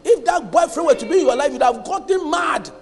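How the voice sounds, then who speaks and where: A man preaching a sermon as pastor, emphatic, often pausing for the congregation to finish his lines. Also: very high-pitched, animated. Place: church hall. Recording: long hall reverb.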